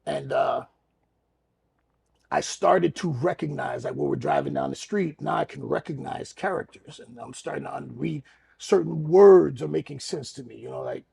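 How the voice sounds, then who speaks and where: A middle-aged man tells stories on a podcast in relaxed conversation. His voice is gravelly and husky, set a little higher than most men's. He talks loosely and animatedly, swearing freely. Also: normal speed. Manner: animated, acts out quotes loudly, laughs, profanity. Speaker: podcast co-host, former wrestler. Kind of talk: casual storytelling chat.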